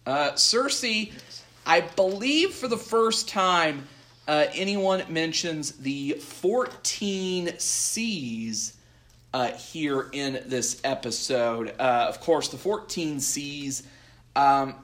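Guy recapping an episode on a podcast, slow, lots of uhs, kinda higher voice. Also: expressive, a bit bright. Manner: slow and halting, many "uh" fillers. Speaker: podcast co-host.

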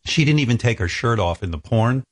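A man's voice: medium pitch, lively intonation, a little fast, husky. A man telling a crude, graphic comic story on a talk show, rambling and chuckling as he goes.

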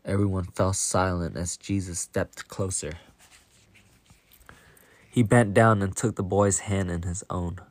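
A man narrating a Bible story in a slow, even, deliberate reading. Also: low-pitched, dry recording.

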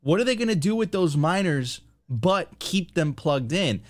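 A man's voice: on the high side, lively intonation, measured pace. A man co-hosting a casual finance chat, reading news aloud and laughing in disbelief. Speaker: co-host.

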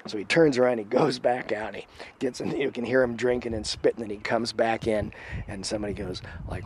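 A man telling a long story in casual talk. He acts out the voices of the people in it and drops to a hush at the tense moments. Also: on the low side, quick pace, a little hiss or hum.

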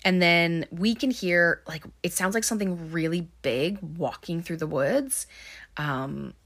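A woman walks through a film's plot in a loose, conversational recap, peppering it with ums and likes. Her voice sits a little low for a woman. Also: expressive, a little slow, fairly bright tone. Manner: chatty, many ums and likes. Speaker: movie recapper. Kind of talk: casual movie recap narration.

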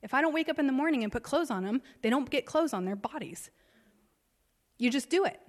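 Female pastor, thirties, higher voice, personal sermon storytelling, hall reverb. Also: animated, a little fast. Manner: personal storytelling, emotional swings. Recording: long reverb of a large hall.

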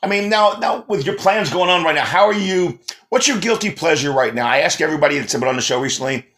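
A man hosting an interview, talking in a casual, halting way with many restarts and fillers. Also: a little high, lively intonation, a bit bright. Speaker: host.

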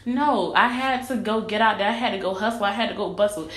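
A woman's voice: medium pitch, fast talker, a bit bright. Blunt, profane young woman in echoey room. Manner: blunt, profane, emphatic storytelling with repetition. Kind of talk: candid motivational vlog monologue. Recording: echoey room with faint ambience.

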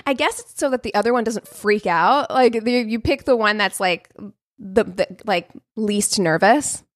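A woman's voice: mid-range voice, moderate pace, no room sound. A woman in the middle of her range tells a true crime tale to her co-hosts, laughing between lines and swearing freely. The sound is dry and close, with no room around her. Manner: laughs often, swears, slips into mocking voices. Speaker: podcast co-host telling a true crime story. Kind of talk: casual storytelling chat.

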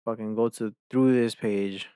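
Young male podcast host, slow-talking, profane and exasperated, dry close sound. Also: lowish voice, steady tone, warm tone, clear, resonant tone, no echo. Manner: profane, ranting, easily exasperated. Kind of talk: casual chat.

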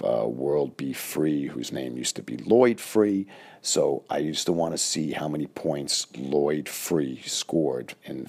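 Older New man in his sixties, deep gravelly storyteller, rambling, casual. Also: a little mellow. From Queens, New York. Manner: rambling, self-correcting.

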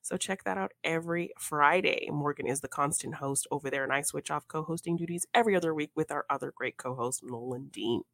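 A woman's voice: low-pitched, fairly quick, hardly any pauses, fairly bright tone, dry recording, clean studio sound. A woman co-hosting a podcast in casual chat, upbeat and giggly. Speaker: podcast co-host.

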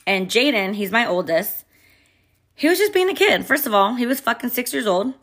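A young woman and mother telling a personal story in a candid, expressive way, swearing freely. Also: a little high, normal speed. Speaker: vlogger and mother. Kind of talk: casual storytime.

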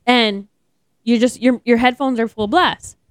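A young woman co-hosting a podcast, telling gym stories in animated casual chat, laughing and swearing often. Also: fairly high pitch, a little slow, dry recording, clean studio sound. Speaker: podcast co-host.

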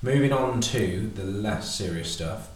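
A man's voice: on the low side, expressive, measured pace. A man from Bristol, hosting a casual podcast interview in a chatty, rambling, joking way. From Bristol, England. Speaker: podcast host. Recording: very echoey, distant mic, noisy room.

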